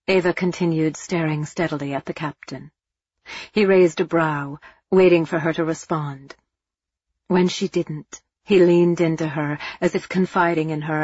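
A woman narrating a novel in an even, measured storytelling manner. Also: low-pitched, breathy edge, no echo, muffled recording. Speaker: audiobook narrator. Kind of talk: scripted narration.

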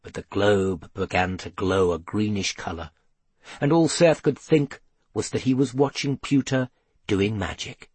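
A man reading a children's fantasy story aloud in a measured storytelling delivery. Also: lowish voice, darkish tone, breathy edge, no echo. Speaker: audiobook narrator. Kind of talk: scripted narration.

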